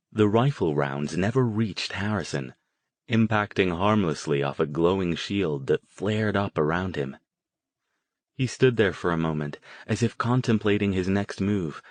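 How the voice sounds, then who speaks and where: A man narrating an audiobook in a measured, even storytelling manner. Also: low voice, dry recording. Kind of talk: scripted narration.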